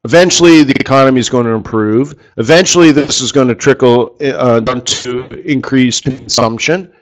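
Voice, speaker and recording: A man hosts a live trading session in a loose, rambling way. He talks through his ideas and keeps putting questions to the people watching. His voice sits at an ordinary, middle pitch. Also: normal speed. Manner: chatty, rambling, asks viewers questions. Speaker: forex trading host.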